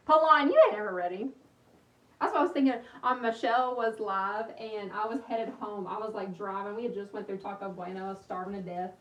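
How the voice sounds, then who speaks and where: A woman's voice: medium pitch, brisk, highs cut off. Girl chatting on a craft livestream, bubbly and rambly, kinda echoey room. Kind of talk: casual livestream chat while crafting. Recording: roomy, slightly distant with faint hiss.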